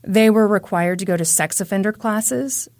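A woman's voice: medium pitch, normal speed, darkish tone, no room sound, clean studio sound. A woman hosting a podcast, telling a true crime story in a conversational way with wry asides. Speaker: podcast host.

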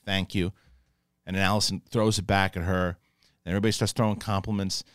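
Male host, low voice, dry close sound; casual, profane, excitable recap of a TV episode. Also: quick pace, clear, resonant tone, dry recording. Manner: profane, excitable retelling with acted-out quotes. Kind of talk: casual spoken TV episode review.

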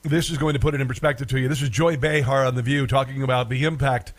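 A man's voice: medium pitch, steady tone, fast talker. A man hosting a talk radio podcast, delivering a sarcastic, rambling monologue with chuckling asides. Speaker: podcast host.

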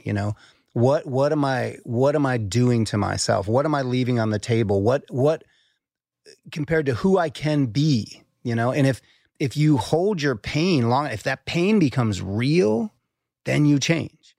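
A man's voice: mid-range voice, lively intonation, a little slow, creaky, darkish tone, no room sound, clean studio sound. A man speaking as a podcast guest, earnest and reflective, who swears casually and repeats words as he starts a thought. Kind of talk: conversational podcast talk.

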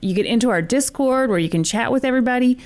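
Teasing, lively female podcast co-host. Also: fairly high pitch, fast. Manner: teasing, wry. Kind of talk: casual chat.

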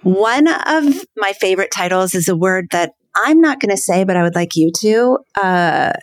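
A woman's voice: medium pitch, lively intonation, moderate pace, dry recording. A woman hosting a podcast interview, affirming her guests and reading quotes aloud carefully. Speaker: podcast host.

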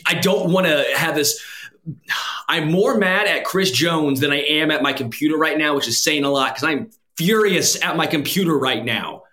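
A man's voice: a little high, moderate pace, bright, forceful tone. A man co-hosting a sports podcast who talks emphatically, repeating himself for effect, recorded on a laptop microphone. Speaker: podcast co-host. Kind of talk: casual sports podcast chat.

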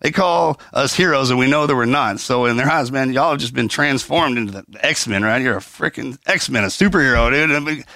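Animated man with a bright, tense voice. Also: mid-range voice, brisk, few pauses, dry recording. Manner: animated, laughing, profane. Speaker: podcast host. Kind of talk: casual chat.

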